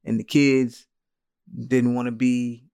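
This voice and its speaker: A man's voice: mid-range voice, level tone, takes it slowly, warm tone, clear, resonant tone. A man hosting a podcast in casual chat, rambling in an easygoing way. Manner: easygoing, rambling with fillers and restarts. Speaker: podcast host.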